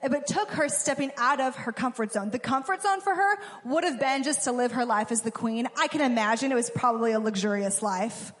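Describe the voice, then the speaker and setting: A woman's voice: on the high side, expressive, brisk, few pauses, a bit bright. A young woman giving a casual, conversational sermon, acting out quotes as she goes. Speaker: preacher. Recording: long hall reverb.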